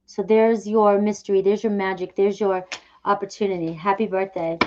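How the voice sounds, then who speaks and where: A woman reads tarot cards in a relaxed, chatty way. She talks upbeat and reassuring at a mid pitch, checking in with the listener often. The recording sounds a little dull and lo-fi. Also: normal speed. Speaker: tarot reader. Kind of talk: casual tarot reading.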